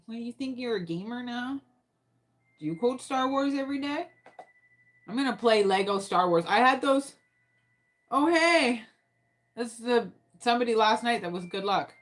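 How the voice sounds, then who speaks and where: A woman's voice: fairly high pitch, animated, normal speed, pauses often. A woman chatting casually while playing a video game, rambling, swearing often and talking to herself as she plays. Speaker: gaming streamer.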